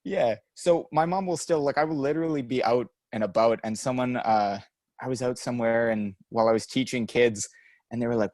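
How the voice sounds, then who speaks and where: A man's voice: medium pitch, fairly quick, darkish tone, no echo. A young adult man co-hosting a podcast, telling rambling stories in casual chat and laughing often. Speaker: podcast co-host.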